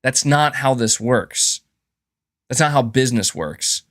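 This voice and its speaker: A man's voice: medium pitch, unhurried, fairly bright tone, no echo, studio quality. A man hosting a live stream, giving heated, profane commentary and reading out chat messages. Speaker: livestream host.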